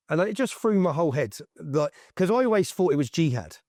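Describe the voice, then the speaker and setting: A man with a lively, swooping delivery and a slightly raised pitch tells his story emphatically, with plenty of slang. The recording is dry and close, with no room sound at all. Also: brisk, no room sound. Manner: emphatic, slangy, tag questions like "yeah?". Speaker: interview guest. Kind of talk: animated personal storytelling in conversation.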